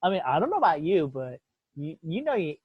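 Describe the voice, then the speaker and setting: A man's voice: a little high, big pitch swings, fast, husky, no echo. A man hosting a podcast, talking in a profane, heated, rambling way. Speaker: podcast host. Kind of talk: casual opinionated chat. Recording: dull lo-fi dry recording.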